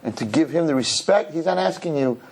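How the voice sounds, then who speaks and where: A rabbi giving a humorous sermon to young people, telling stories and jumping into high, mocking voices. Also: male voice, brisk. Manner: animated storyteller, jumps into high mocking voices. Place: synagogue hall.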